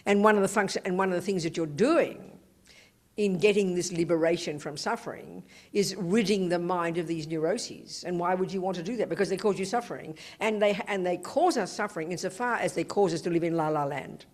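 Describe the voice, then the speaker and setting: A woman's voice: on the low side, a little fast, a little mellow. A woman teaching Buddhism to an audience, talking in an emphatic, conversational way and often adding "you know". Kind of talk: dharma talk to an audience. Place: teaching hall.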